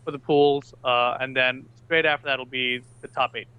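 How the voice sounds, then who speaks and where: A man's voice: mid-range voice, steady tone, normal speed, clean tone, lo-fi sound. A man who is a guest on a gaming podcast, chatting casually and complaining in a matter-of-fact way. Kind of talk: casual chat.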